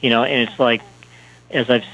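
A male author talking in an interview, halting and full of fillers and restarts. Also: medium pitch, fairly even intonation, fairly bright tone, dull audio. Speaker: author and speaker, guest. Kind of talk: interview talk.

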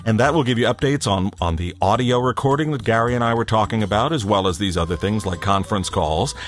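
A man's voice: fairly low pitch, fast, soft background music. A man hosting a podcast, chatting casually and reading out announcements in a rambling, self-deprecating way. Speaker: podcast host.

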